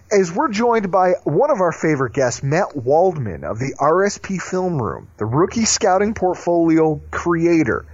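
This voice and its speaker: A man's voice: a little high, breathy edge, dry recording. A man hosting a sports podcast, chatting casually and teasing his co-host. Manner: animated, teasing. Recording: dull lo-fi sound.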